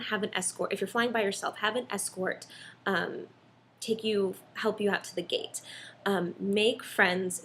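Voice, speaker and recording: A young mom talks casually to her viewers in a mid-pitched voice, rambling through stories with plenty of ums and likes. There is a faint hiss of noise behind her. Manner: chatty, storytelling, many ums and likes. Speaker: vlogger, mom. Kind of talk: casual chat.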